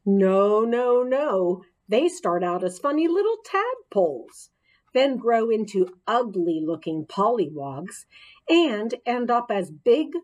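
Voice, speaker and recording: A woman reading a children's chapter book aloud in an expressive, playful storytelling manner. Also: mid-range voice. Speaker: audiobook reader.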